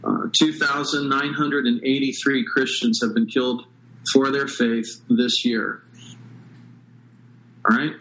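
A man preaching a sermon as pastor, earnest and measured, stressing key words with pauses. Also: medium pitch, level tone, fairly bright tone, low-quality recording.

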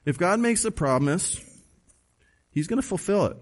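Male pastor, slightly higher voice, emphatic conversational preaching, checks in with the listeners. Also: animated, normal speed. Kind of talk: sermon.

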